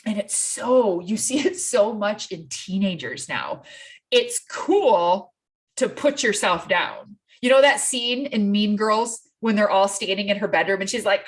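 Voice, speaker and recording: A woman coaching guest on a podcast, talking casually and quickly. She tells stories with plenty of animation and slips into the voices of the people she quotes. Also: a little high. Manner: animated storytelling, acts out quotes.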